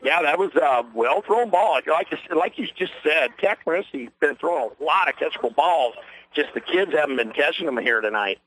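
A man doing play-by-play for a local radio broadcast of a ball game, folksy and rambling, quickening on big plays, with a voice worn from a long night. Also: fairly high pitch, expressive, fairly bright tone, breathy edge, poor audio. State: losing his voice. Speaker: play-by-play announcer. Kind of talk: local radio sports commentary.

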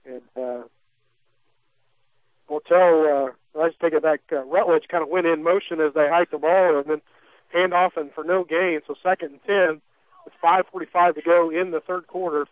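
A man calls play-by-play for a high school football game on local radio, chatty and folksy, with frequent fillers and restarts. His tone is steady at a normal speed, and the recording is dry and rough.

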